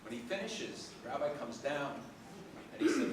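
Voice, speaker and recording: A man's voice: a little high, normal speed. A man at a tribute event telling a joke to an audience, playing both sides of the dialogue. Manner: lively storyteller voicing both sides of a joke. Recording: echoey hall, distant mic, background noise.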